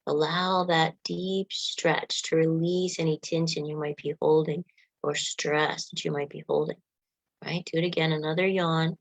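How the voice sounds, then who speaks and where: Low-voiced woman guiding a meditation. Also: little pitch movement, gravelly, dry recording, rough recording. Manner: gentle, unhurried coaching with soft affirmations; leads yawning and stretching exercises. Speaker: meditation guide. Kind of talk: guided meditation.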